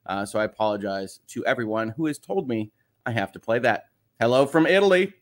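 A man's voice: mid-range voice, expressive, brisk. Chatty man hosting a casual livestream. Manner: chatty, reading viewer comments aloud, joking. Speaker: host.

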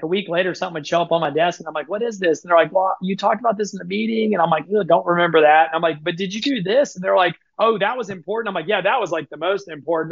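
Guy guest on a podcast, kinda high voice, rattling off a story, quoting everybody, dry muffled sound. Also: dry recording. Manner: fast, animated, quotes himself and others often. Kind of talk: casual storytelling.

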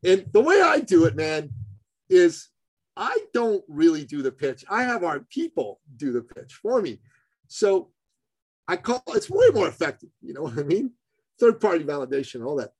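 An entrepreneur man telling a story in a podcast interview, chummy and animated, with big swings in pitch for emphasis. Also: normal speed, slightly rough, no echo, poor audio. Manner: chummy, calls the host buddy and brother. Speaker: entrepreneur guest.

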